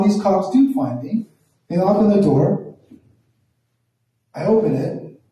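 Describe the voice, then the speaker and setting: A man from Toronto telling a profane, animated stand-up story, acting out the voices in quotes. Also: fairly high pitch. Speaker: stand-up comedian. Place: small performance room. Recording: echoey room from far off.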